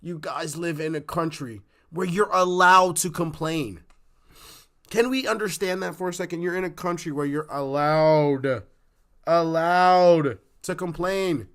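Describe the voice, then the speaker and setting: Blunt, profane podcast host ranting. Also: male voice, high-pitched, normal speed, bright, forceful tone. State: sounds sick. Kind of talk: solo podcast rant.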